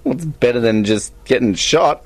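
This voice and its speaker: A man co-hosting a casual movie commentary, joking and quick to laugh. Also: mid-range voice, animated, breathy edge. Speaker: podcast co-host.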